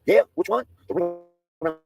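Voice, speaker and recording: A man's voice: sits high, lively intonation, a little fast, creaky, dark tone, soft background music. A man in a profane, taunting livestream rant, mocking and daring his targets.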